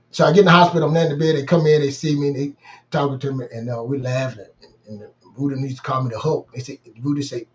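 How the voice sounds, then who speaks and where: A man's voice: medium pitch, darkish tone, highs cut off. A middle-aged man hosting a podcast, telling a personal story in an emphatic, repetitive, vernacular way. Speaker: podcast host.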